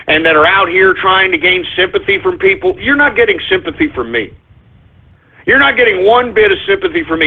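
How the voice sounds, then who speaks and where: A man's voice: high-pitched, husky. A man hosting a talk radio show, ranting in an abrasive, confrontational way. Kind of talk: call-in radio rant. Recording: tinny phone-like lo-fi audio.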